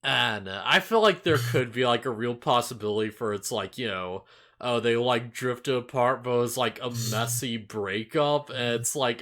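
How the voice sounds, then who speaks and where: Talking about an anime episode on a podcast, this co-host rambles casually, laughs a lot, and fills his speech with fillers and restarts. He has a mid-range, fairly bright voice at a normal speed.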